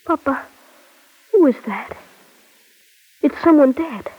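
A woman's voice: high-pitched, expressive, slow, no echo. Woman voicing a solemn young boy. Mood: anxious. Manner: gentle, solemn storytelling. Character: earnest young boy telling his own sorrow. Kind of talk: old radio drama narration. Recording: dull lo-fi old recording with music.

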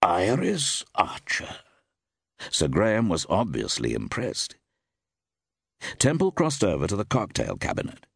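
A man narrating a story, reading with expressive, varied delivery. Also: deep voice, moderate pace, vocal fry, husky, dry recording, studio quality. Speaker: audiobook narrator. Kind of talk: scripted narration.

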